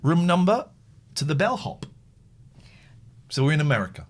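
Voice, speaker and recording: Male host, animated pitch, jokey list reading on a live stream. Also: normal speed. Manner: lively, jokey, reads a list aloud with asides. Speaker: podcast host. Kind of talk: casual live-stream chat, reading aloud.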